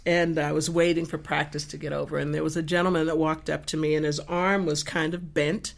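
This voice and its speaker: A woman guest telling an earnest faith testimony in an animated way, acting out the voices in her story. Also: deep voice, fairly quick, vocal fry. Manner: expressive, acts out the dialogue in her story.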